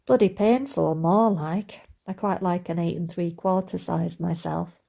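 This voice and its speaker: A woman voicing a sardonic young woman with a dry, deadpan delivery. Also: lowish voice, a little slow, gravelly.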